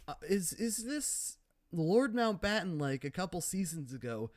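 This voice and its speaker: A man's voice: high voice, big pitch swings, a little slow, dry recording. A man giving casual, sardonic commentary on a TV episode, with many fillers and restarts. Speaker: video commentator.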